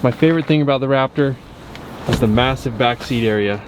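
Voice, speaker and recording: Upbeat male truck vlogger, casual walkaround delivery, ordinary mid-range voice, clear background noise. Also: mid-range voice, fairly quick. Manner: easygoing, upbeat, frequent "um" fillers. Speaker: truck reviewer. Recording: windy outdoor noise.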